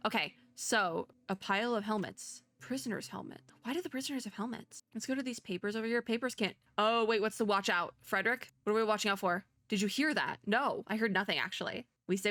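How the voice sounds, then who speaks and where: A woman doing let's play commentary, reading game text aloud and chatting in an excitable, nervous way. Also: mid-range voice, fairly quick, hardly any pauses. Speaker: gaming video creator.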